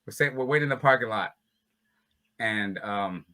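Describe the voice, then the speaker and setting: A man with a very bright, sharp-edged voice spins loose, casual stories as a fighter on an interview show. He keeps slipping into laughter while he talks. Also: lowish voice, moderate pace. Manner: laughs often while talking. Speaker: bare-knuckle fighter, interview guest. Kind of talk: casual storytelling.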